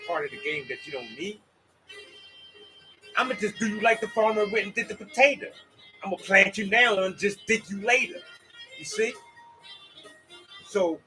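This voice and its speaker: A man's voice: high voice, bright, forceful tone, rough recording. A man hosting a rambling, preachy monologue, swearing and talking to his listeners as y'all. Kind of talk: casual spoken monologue.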